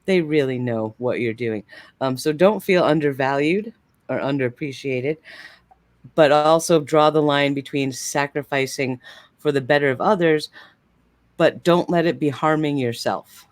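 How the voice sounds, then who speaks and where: A man reads tarot cards on a live stream, talking in a gentle, reassuring way. His voice sits a little high for a man. The sound is close and dry, with no room around it. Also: measured pace, no room sound. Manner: gentle, reassuring, with frequent fillers. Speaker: tarot card reader.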